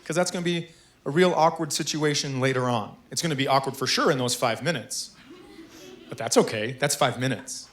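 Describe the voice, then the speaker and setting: A man's voice: mid-range voice, brisk, a bit bright. A man performing a stand-up comedy set, telling stories in a dry, conversational way.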